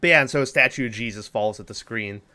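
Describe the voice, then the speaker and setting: A man's voice: medium pitch, quick pace, pushed and bright, clear, resonant tone. A man co-hosting a podcast, casually recapping a movie plot in a rambling, loose way, full of fillers and swearing. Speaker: podcast co-host.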